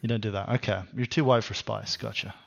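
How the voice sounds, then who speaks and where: Man, podcast host, casual chat, gravelly texture, teasing asides. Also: fairly low pitch, steady tone, very noisy. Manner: wry, teasing, quick asides.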